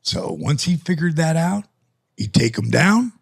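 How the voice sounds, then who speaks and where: An older man as a podcast guest, telling stories in a casual, animated way and acting out the conversations. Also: fairly high pitch, a little slow, vocal fry, breathy edge. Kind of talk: casual storytelling. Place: lives in the US.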